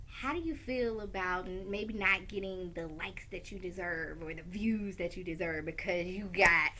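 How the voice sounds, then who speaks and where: A middle-aged woman hosting a talk show in casual chat, animated and outspoken. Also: lowish voice, moderate pace. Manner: animated, outspoken, swears and laughs often.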